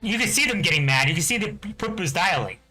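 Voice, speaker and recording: A high-pitched man from New Jersey tears through an angry, profane rant at a rapid clip. His bright, sharp voice presses hard, looping back to the same fillers again and again. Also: animated, soft background music, poor audio. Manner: profane, heated, repeats "you know what I'm talking about". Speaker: game streamer. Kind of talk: angry ranting chat.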